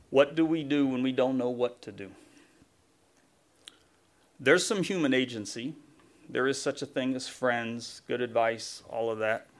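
A man preaching a sermon, emphatic, often building long lists. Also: medium pitch. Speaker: pastor.

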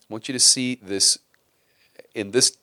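A man's voice: medium pitch, fairly even intonation, measured pace, sharp tone, no room sound, clean studio sound. A middle-aged man preaching a sermon in a conversational style, asking his congregation rhetorical questions. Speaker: pastor.

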